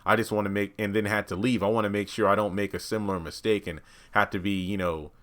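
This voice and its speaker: A man's voice: fairly low pitch, little pitch movement, fast, fairly bright tone, lightly acted. A nervous young woman who explains herself in a rush, put on by a man retelling a show. She sounds eager and a little anxious. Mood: explaining.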